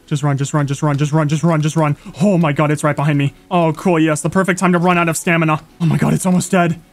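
Young man, fairly high voice, excitable gaming commentary, chatters at the creatures in the game, soft music under it. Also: fast. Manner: excitable, talks to animals and mobs, frequent gasps and yelps. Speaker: gaming YouTuber. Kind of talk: live gameplay commentary. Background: faint game music.

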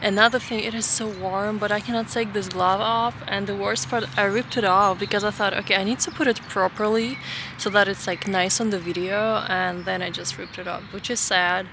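A woman's voice: medium pitch, steady tone, normal speed, vocal fry. A woman vlogging casually while walking in a park, chatty and exasperated as she rants. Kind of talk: casual outdoor vlog. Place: outdoors in a park. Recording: outdoor noise. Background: birds and outdoor ambience.

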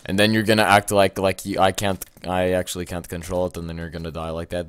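A man doing gaming commentary, excitable, yelping and shouting at what happens in the game. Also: low-pitched, normal speed, no echo, studio quality. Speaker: let's play gamer.

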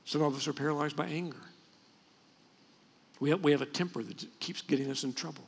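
A man's voice: on the high side, fairly quick, gravelly, breathy edge. A man preaching a sermon as pastor, in a conversational way with frequent restarts. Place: church sanctuary. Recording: long reverb from a church hall.

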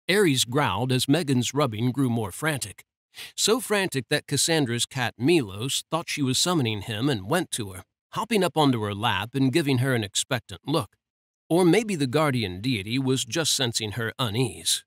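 A man narrating a romance audiobook in a steady, measured reading. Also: mid-range voice, no room sound, clean studio sound.

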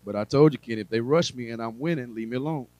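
A preacher giving a sermon to a congregation, talking conversationally with humor and asides, swinging between quiet drawn-out phrases and loud emphasis. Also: male voice, mid-range voice, dry recording, poor audio.

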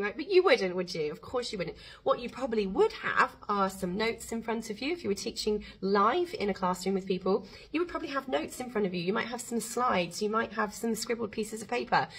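A middle-aged woman coaching course creators straight to camera. Her voice is husky and sits at a middle pitch. She talks in a chatty, emphatic way and slips into the voices of the people she quotes. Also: low-quality recording.

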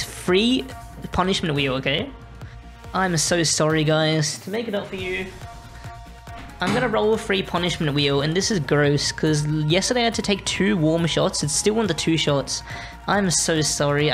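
A woman's voice: sits low, normal speed, gravelly, soft background music. A young Australian woman streaming a game, chatting to her viewers in a rambling, apologetic way. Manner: rambling, apologetic, talking to chat while playing. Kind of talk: casual live-stream chat.

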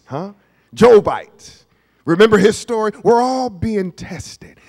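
A pastor in his fifties delivers an emphatic sermon in a church sanctuary, quizzing his congregation in a high, lively voice that leaps up and down. He swings from near-whispered asides to bursts of shouting, and a long church-hall reverb hangs on the sound.

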